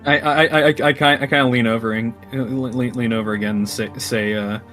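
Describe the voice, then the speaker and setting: A man playing a tabletop game, talking casually and halting with many restarts. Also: mid-range voice, steady tone. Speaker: player. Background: soft background music.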